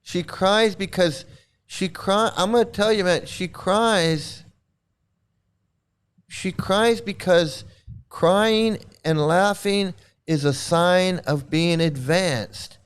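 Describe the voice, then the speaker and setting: Man, live stream host, sarcastic commentary, mocking, rambling, high voice, smooth clear tone. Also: takes it slowly. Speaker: channel host.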